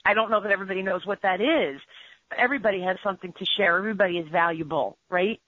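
A woman business trainer telling stories in a conversational interview, animated and full of "you know" fillers. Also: medium pitch, racing, no room sound. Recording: dull lo-fi audio.

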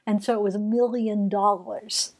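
A woman co-hosting a casual movie podcast, animated and laughing. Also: mid-range voice. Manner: animated, laughing, quick bursts. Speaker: podcast co-host. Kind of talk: casual chat.

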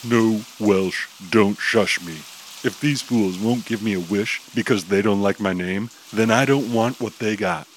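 A man's voice: lowish voice, unhurried, slight background noise, natural voice, poor audio. A man voicing a stubborn, proud young male superhero who speaks defiantly. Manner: defiant, indignant.

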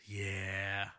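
A man co-hosting a casual podcast chat, animated and quick to laugh. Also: sits low. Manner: animated, laughing, swearing freely. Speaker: podcast co-host.

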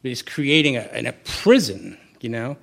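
Before a live audience, a middle-aged Buddhist teacher with a typical male middle-range pitch gives a candid, conversational talk. His voice swings widely in pitch, is a bit bright, and has vocal fry, and at a moderate pace he tells a personal story full of self-deprecating asides and frequent restarts.

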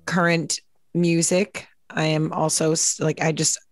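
A woman's voice: sits low, flat delivery, a little slow. A woman hosting a podcast in casual chat, self-mocking and rambling with jokes. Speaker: podcast host. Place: indoor studio.

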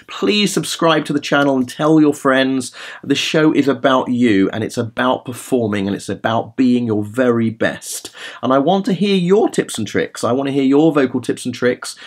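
Easygoing male vocal coach podcaster. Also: mid-range voice. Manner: relaxed, rambling, with many fillers; demonstrates sung vowel sounds. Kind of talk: casual podcast talk with vocal tips.

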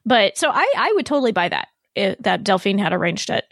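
A woman's voice: mid-range voice, sing-song, fairly quick, dry recording, clean studio sound. A woman co-hosting a podcast in casual chat, weighing theories and qualifying her points. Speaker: podcast co-host.

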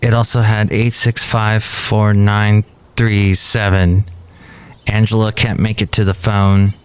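A man's voice: on the low side, level tone, slow pace, clear, resonant tone. A man in his fifties hosting a podcast, rambling casually and poking fun at himself. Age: 50s. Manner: rambling, self-deprecating. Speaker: podcast host. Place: cafe.

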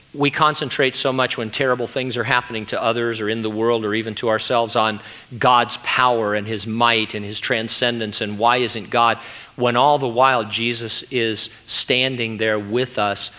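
A middle-aged pastor preaching a sermon in an earnest, emphatic way. His voice is bright and forceful, at an ordinary pitch for a man. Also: a little slow.

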